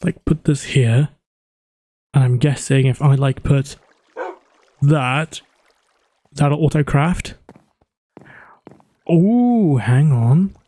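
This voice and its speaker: Male gaming host, slightly high voice, playful running commentary with quick outbursts. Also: dark tone. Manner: chatty self-narration, joking, quick exclamations. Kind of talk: let's play commentary.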